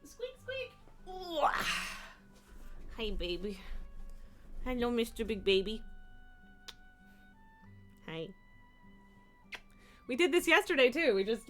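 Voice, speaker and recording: A woman's voice: high-pitched, a bit bright. A woman streaming from home, chatting casually and cooing baby talk at her cats. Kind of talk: casual live-stream chat. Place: home room.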